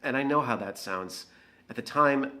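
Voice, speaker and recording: A man's voice: medium pitch, normal speed, sharp tone, close to an everyday voice. An actor playing a bitter, jealous young man who has been drinking, confessing in a dramatic monologue for an audio drama. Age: young adult. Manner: sullen, defensive confession.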